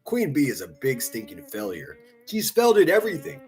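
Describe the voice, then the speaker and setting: A man's voice: mid-range voice, huge pitch swings, fairly quick, faint music behind. A man giving profane, taunting live-stream commentary, laughing often as he mocks. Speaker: livestream commentator.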